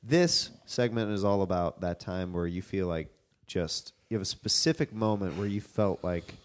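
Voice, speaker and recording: Low-voiced male podcast host. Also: moderate pace. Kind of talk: casual interview.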